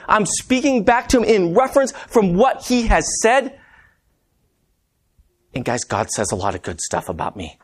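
A man preaching a conversational sermon, telling stories and calling the congregation "guys". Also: high-pitched. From Montana. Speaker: preacher and math teacher.

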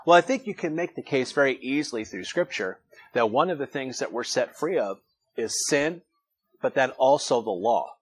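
A man with a husky, breathy voice delivers a relaxed, conversational sermon. He teaches like a pastor walking his congregation through a passage and lifts his voice when he wants to stress a point. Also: medium pitch. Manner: conversational, reflective teaching with emphatic rises.

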